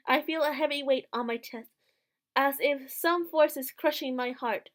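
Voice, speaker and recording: A woman's voice: high voice, normal speed. A woman playing through a visual novel, reading its first-person narration aloud with joking asides. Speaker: let's play host.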